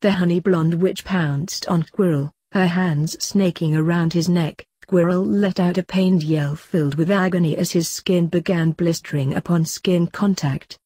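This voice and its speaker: Woman, fanfiction reader, low voice, mellow, husky, steady even narration. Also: measured pace, hardly any pauses, no echo. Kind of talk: reading fanfiction aloud.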